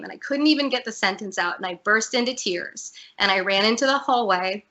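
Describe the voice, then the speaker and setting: A woman's voice: medium pitch, fairly quick, bright, forceful tone. A woman guest on a video-call interview, telling a personal story in a candid, earnest way. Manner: earnest, candid, emotional at times.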